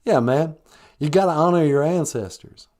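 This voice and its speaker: A man's voice: on the high side, normal speed, a little mellow, natural voice. A man voicing a brash, pushy woman caller who teases and bosses the host around. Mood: chatty. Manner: brassy, calls the host a fool.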